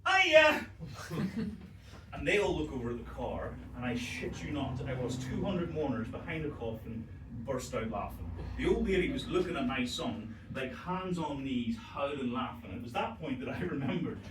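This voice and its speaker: A man's voice: mid-range voice, animated, normal speed. A middle-aged man telling a stand-up story on stage, swearing freely and laughing through his punchlines. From Northern Ireland. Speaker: stand-up comedian. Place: comedy venue with audience. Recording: roomy live venue, distant mic, noisy.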